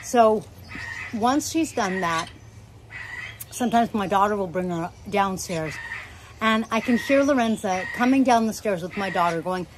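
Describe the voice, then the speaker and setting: A middle-aged woman hosting a parrot channel chats to camera at home in a mid-range voice, a little slow, over background noise. She rambles warmly about her birds and occasionally stops to talk directly to them.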